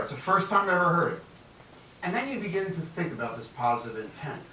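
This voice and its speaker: A man's voice: a little high, reverberant, far from the mic, slight background noise, poor audio. A man from Newark, New Jersey, giving a motivational leadership keynote as guest speaker, telling stories and acting out dialogue. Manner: animated storyteller acting out dialogue.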